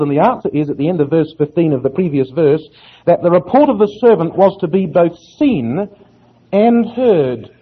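A man preaching an earnest Bible sermon in a high, husky voice. He often puts rhetorical questions to his listeners. The recording is thin and tinny, like a phone line.

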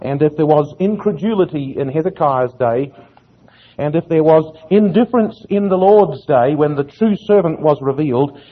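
High, husky-voiced preacher, tinny audio. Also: male voice, expressive, normal speed. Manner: earnest, asks rhetorical questions. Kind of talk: sermon, Bible exposition.

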